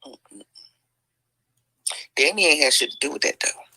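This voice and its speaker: A woman's voice: sits low, lively intonation, a little slow, bright, forceful tone, breathy edge, no echo, rough recording. A woman hosting a livestream, talking in heated commentary with lots of swearing, sighs and "mm-mm"s. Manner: profane, exclaiming, lots of sighs and mm-mm.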